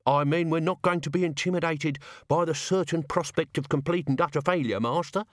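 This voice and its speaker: Brief: man putting on a blunt, cheeky old manservant, pitched up, audiobook storytelling. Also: fairly quick, no echo, clean studio sound, natural voice.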